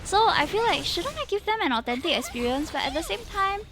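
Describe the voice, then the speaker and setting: A woman's voice: high voice, big pitch swings, fast talker. A woman from Singapore with a Singaporean English accent, chatting playfully on a live stream, dropping Singlish particles and laughing often. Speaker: VTuber streamer. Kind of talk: casual live-stream chat.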